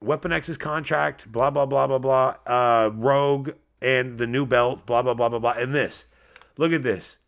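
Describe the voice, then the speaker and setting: A man with a nasal voice hosting a live wrestling video game stream, giving excitable, rambling play-by-play and chatting to his viewers. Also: medium pitch, a little slow, gravelly, highs cut off. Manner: excitable, rambling, talks to a chat member by name. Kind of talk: casual live gameplay commentary.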